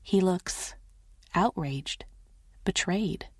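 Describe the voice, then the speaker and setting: A woman narrates a first-person romance audiobook in a soft, intimate reading. Her voice sits on the low side and moves at an unhurried pace, and the recording is dry and close. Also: no echo.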